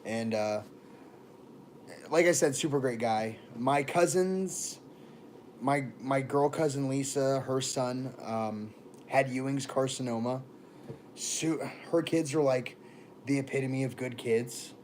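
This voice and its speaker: A man's voice: medium pitch, takes it slowly, a little mellow, slight background noise. Chatty man rambling on a livestream. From born in Texas, raised in Florida. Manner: rambling, chatty, greets viewers by name. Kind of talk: casual livestream chat.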